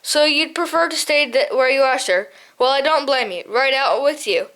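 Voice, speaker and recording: A woman's voice: sits high, normal speed, fairly bright tone. A woman voicing a pompous, boastful male snowy owl captain in a storybook reading, huffy and haughty. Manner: huffy, haughty, laughs at others.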